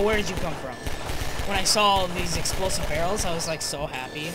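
A young man commenting casually on his own gameplay, excitable and laughing, muttering asides between outbursts. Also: high-pitched, moderate pace, pauses often, over music. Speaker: gamer. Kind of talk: casual let's-play commentary.

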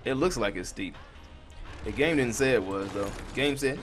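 A man's voice: medium pitch, animated, normal speed, faint music behind. Cursing young man narrating his gameplay. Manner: frustrated, swears a lot, talks to the viewers. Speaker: gaming channel host. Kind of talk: casual let's-play commentary.

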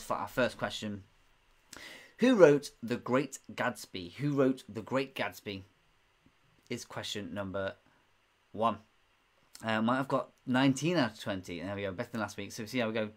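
A young man hosting a live-streamed pub quiz, chatty and giggly, reading out viewers' comments. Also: mid-range voice. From United Kingdom. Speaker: quiz host.

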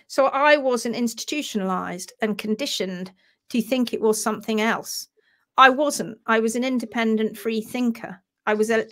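A woman's voice: a little high, a bit bright. An English woman hosting a live stream, talking in a passionate, emphatic way. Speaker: host.

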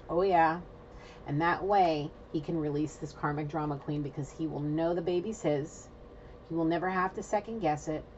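A woman's voice: lowish voice, lo-fi sound, a little hiss or hum. A woman giving an intuitive spiritual reading in a casual, rambling way, talking straight to her viewers and swearing now and then. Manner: excitable, rambling, swears, talks to viewers directly. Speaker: intuitive reader.

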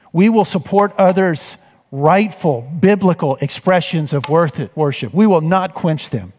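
A man preaching a sermon as pastor, talking conversationally and asking the congregation questions. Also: on the high side. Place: church sanctuary. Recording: long hall reverb.

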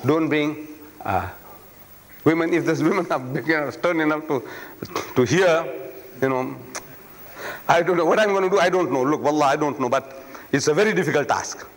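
A man's voice: fairly high pitch, normal speed, long pauses. A man giving a public lecture, emphatic and rhetorical, repeating phrases for effect. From South Africa. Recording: long reverb of a lecture hall.

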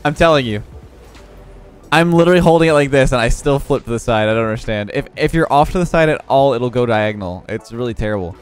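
A young man giving live commentary over his own gameplay, excitable and quick to laugh, with frequent exclamations. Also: mid-range voice, clean tone, faint music behind. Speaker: gaming YouTuber.

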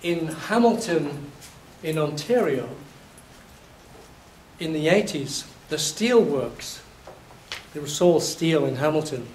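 A man from England giving a university lecture, telling lively stories and acting out his examples, his voice a little hoarse. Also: fairly high pitch, slow. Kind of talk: classroom lecture. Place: lecture hall. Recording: echoey hall, distant mic, faint noise.

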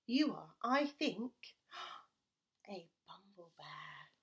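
A calm, regal queen bee from a storybook, read aloud by a woman. She speaks slowly and in a measured way, with lively rises and falls in her pitch. Her voice sits fairly high. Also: dull audio, full character voice. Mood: proud.

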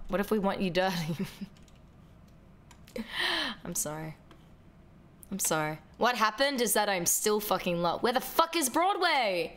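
A woman livestreaming a game, chatting casually with her viewers, excitable and swearing freely. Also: mid-range voice. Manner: excitable, swears a lot, talks to chat. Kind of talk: casual gameplay livestream chat.

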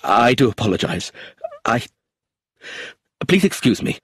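A man voicing an emotional middle-aged man in an audiobook, excitable and quick to get worked up. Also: medium pitch, breathy edge, no room sound, clean studio sound, exaggerated voice. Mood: apologetic. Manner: agitated, excitable.

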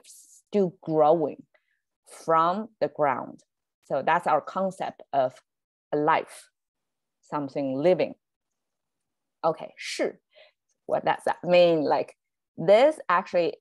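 A woman's voice: sits low, no room sound. A woman whose first language is Chinese, hosting a casual online language lesson, chatty, often laughing and correcting herself as she explains slides. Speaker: Chinese language teacher and host.

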